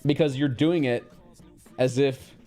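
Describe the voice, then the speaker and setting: A man chatting casually on a livestream, blunt and profane, quick to react. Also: mid-range voice, steady tone, mellow, faint music behind. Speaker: streamer.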